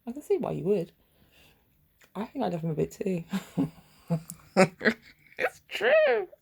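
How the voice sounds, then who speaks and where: A middle-aged woman vlogging in a rambling, profane, sardonic monologue with a gravelly, husky voice. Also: fairly low pitch, sing-song, fairly quick, mellow. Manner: profane, sardonic, wandering storytelling.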